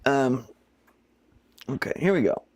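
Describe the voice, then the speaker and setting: A man's voice: mid-range voice, expressive, slow, darkish tone, slight background noise. A man co-hosting a casual live stream, telling rambling stories that trail off mid-thought. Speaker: co-host.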